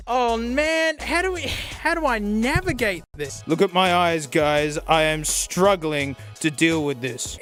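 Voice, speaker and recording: A man reviewing a gadget in a casual vlog, excitable and sarcastic. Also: high-pitched. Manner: excitable and sarcastic, laughs often.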